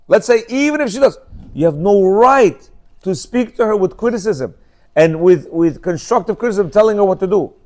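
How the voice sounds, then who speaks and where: A middle-aged man leads a Torah class on marriage with a notably high-pitched voice. He talks emphatically and scolds his listeners, repeating each point several times. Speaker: religious teacher.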